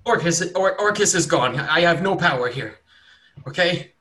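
A man's voice: fairly high pitch, animated, normal speed, pushed and bright, voice pushed up. A man voicing a raving, unwashed male cultist hermit who pleads frantically to be cleansed. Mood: pleading.

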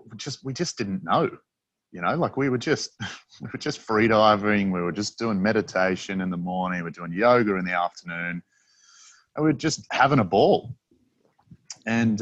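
A man's voice: fairly low pitch, fairly bright tone, dry recording. A man with an Australian accent, a freediving instructor, chatting casually as an interview guest and rambling through his stories with many fillers and restarts.

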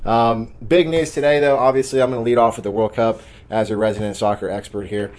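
A man's voice: medium pitch, fairly even intonation, fairly quick, few pauses, a little mellow. A man hosting a sports betting podcast in casual chat, brash and joking as he hypes his own picks. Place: studio office.

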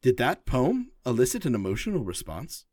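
A man's voice: medium pitch, wildly swooping pitch, brisk, darkish tone, no room sound, studio quality. A man playing a formal, literal-minded construct who writes poetry, speaking in a polite, precise way. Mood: earnest. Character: earnest, formal robot-like construct poet.

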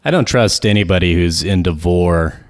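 A man in a casual group chat, playful and quick with deadpan jokes. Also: deep voice, no echo, clean studio sound. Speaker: podcast co-host.

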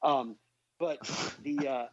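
A man appearing as a podcast guest, telling a story in a loose, animated, profane way full of asides. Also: medium pitch, slow, no room sound, dull audio. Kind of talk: casual storytelling.

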